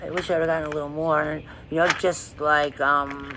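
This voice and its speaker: A man's voice: on the high side, level tone, moderate pace, noisy background. A man in a raw personal monologue, rambling, emotionally distressed and swearing often. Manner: profane.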